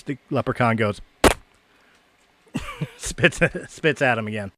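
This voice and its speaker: A man's voice: mid-range voice, a little slow, gravelly, long pauses, fairly bright tone. A man co-hosting a casual podcast, telling a long, profane bar joke with stammering restarts. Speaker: podcast host.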